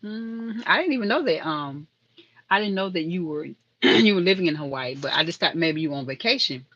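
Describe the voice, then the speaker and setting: A woman's voice: lowish voice, expressive, brisk, fairly bright tone, no echo, muffled recording. A woman hosting a casual live stream, chatting and rambling to viewers in the chat. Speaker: livestream host.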